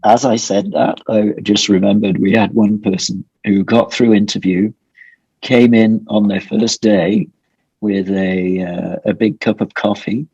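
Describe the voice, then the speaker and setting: Guest, male, deep and husky, wry dry delivery, dull lo-fi call audio. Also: steady tone, a little slow, warm tone, dry recording. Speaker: guest, tea company co-owner. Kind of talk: casual interview chat.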